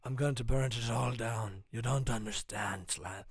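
A man's voice: measured pace, breathy edge, no echo, clean studio sound. A man voicing a snarling, foul-mouthed male villain doctor in a put-on Irish accent. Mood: menacing. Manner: low menacing growl, heavy swearing.

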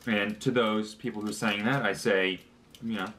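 A man's voice: on the low side, fairly even intonation, moderate pace, a bit bright, slight background noise. A young man talking casually through a snack review, chatty and joking, with fillers as he lists details. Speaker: vlogger.

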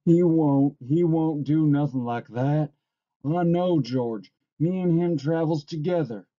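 A man's voice: medium pitch, steady tone, slow pace, mellow, lightly acted. A man doing a childlike, pleading simple man. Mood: frantic. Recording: dull lo-fi recording.

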